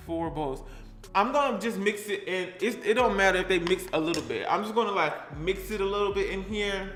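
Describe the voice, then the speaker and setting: A man's voice: on the high side, a bit bright, reverberant. A young man chatting sassily to the camera while he cooks, with a playful, easygoing manner. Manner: sassy, chatty, talks to the camera and to his things. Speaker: cooking vlogger. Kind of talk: casual cooking vlog.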